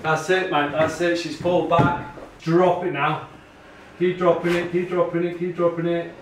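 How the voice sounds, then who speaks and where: Matey carpenter, echoey site. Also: male voice, a little high, little pitch movement, moderate pace. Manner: matey, encouraging, keeps saying "mate" and "lovely". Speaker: carpenter instructing apprentices. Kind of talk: on-the-job instruction with banter. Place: indoor building site, on a staircase. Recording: roomy site, distant mic, loud work noise.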